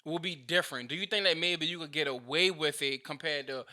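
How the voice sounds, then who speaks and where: A man hosting a casual podcast, asking questions and rambling through animated restarts. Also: a little high, a little fast. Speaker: podcast host.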